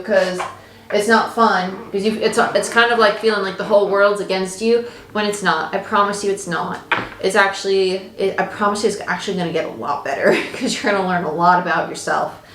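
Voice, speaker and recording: A woman's voice: mid-range voice, steady tone, a little fast, a bit bright. A woman giving a casual, chatty tarot reading, reassuring her listeners and swearing now and then. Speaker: tarot reader. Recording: echoey room with faint noise.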